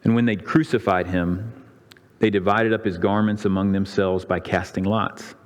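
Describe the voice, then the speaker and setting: A man's voice: steady tone, moderate pace. A man preaching a sermon, retelling the scripture story with dramatic flair and voicing the crowds. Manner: dramatic storytelling, voicing the crowds' and priests' lines with rising pitch. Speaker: pastor. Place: church sanctuary. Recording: long reverb of a church hall.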